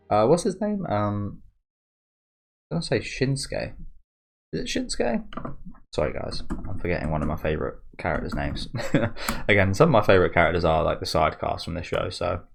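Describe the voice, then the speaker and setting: Low, gravelly man rambling casually. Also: big pitch swings, normal speed, a little hiss or hum. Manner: rambling and chatty, often losing his train of thought. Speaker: anime trailer reactor. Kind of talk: casual reaction commentary.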